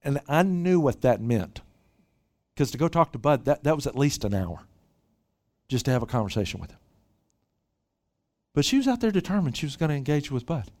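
Lively pastor preaching with stammered restarts. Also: male voice, mid-range voice, fairly quick, long pauses. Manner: animated storytelling with frequent repeated word starts. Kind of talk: sermon. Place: church retreat hall.

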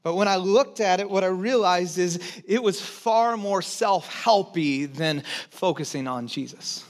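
A pastor with a notably high voice delivers a sermon to his church. He talks candidly and pokes fun at himself, loose and full of filler words. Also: a little slow. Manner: candid, self-deprecating storytelling with many fillers.

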